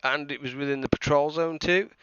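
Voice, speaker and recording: A man's voice: fairly high pitch, brisk. Chatty man streaming a game. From United Kingdom. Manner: chatty, excitable, thanks viewers by name. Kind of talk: casual live gameplay commentary. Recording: slightly dull stream mic with faint hiss.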